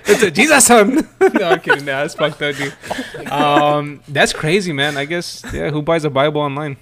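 A man's voice: on the high side, level tone, normal speed, a crowd in the background. A man in casual group banter, joking and teasing his friends, swearing freely.

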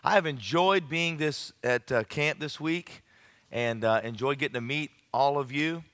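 An evangelistic preacher addresses young campers in a big meeting room. His voice sits in an ordinary mid range and carries a long hall reverb. He mixes warm exhortation with animated, folksy storytelling. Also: medium pitch, a little slow. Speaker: camp preacher. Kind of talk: evangelistic sermon with humorous storytelling. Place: large camp meeting room.

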